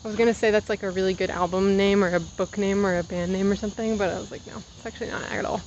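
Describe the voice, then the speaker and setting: Slightly out of breath from an uphill walk, a woman in her twenties vlogs casually outdoors, meandering through side stories. Her mid-range voice is steady in tone, a little mellow, and quick in pace. The sound is lo-fi with slight background noise.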